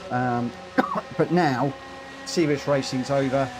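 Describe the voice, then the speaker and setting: A man streams a racing game and narrates live, his medium-pitched voice slow against a noisy backdrop. Fillers pepper his chatter as he reads the chat aloud, and he sounds a little winded.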